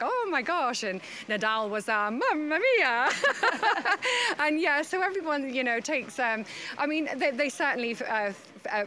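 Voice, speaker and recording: A woman who works as a falconer, answering interview questions casually and haltingly, with many fillers and restarts. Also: on the high side, bright, forceful tone, slight background noise. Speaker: falconer handling a hawk.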